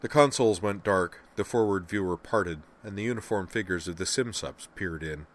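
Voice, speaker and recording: A man narrating a novel in an even storytelling manner. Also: low voice, moderate pace, slight background noise. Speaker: audiobook narrator. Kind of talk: scripted narration.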